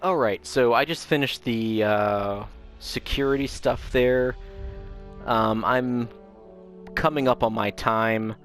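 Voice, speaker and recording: A man's voice: medium pitch, fairly even intonation, slow pace, a bit bright. A man giving rambling, self-interrupting commentary while playing a game, over game music. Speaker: gaming channel host.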